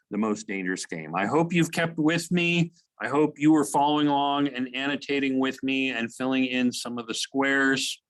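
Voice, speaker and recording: A man's voice: medium pitch, a bit bright, low-quality recording. Man teaching a recorded literature lesson. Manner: conversational, asks questions, with frequent "okay" and "um".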